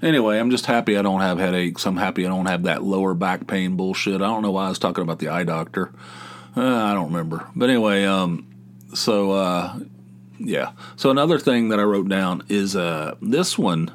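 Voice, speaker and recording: A man's voice: low voice, a little fast. A middle-aged man hosting a casual solo podcast, rambling and cursing freely, losing his train of thought and circling back. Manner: rambling, profane, easily sidetracked. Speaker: podcast host.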